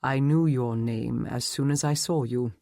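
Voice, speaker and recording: A male narrator voicing an ancient, all-knowing immortal leader who speaks calmly and matter-of-factly. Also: medium pitch, measured pace, vocal fry, no room sound, studio quality.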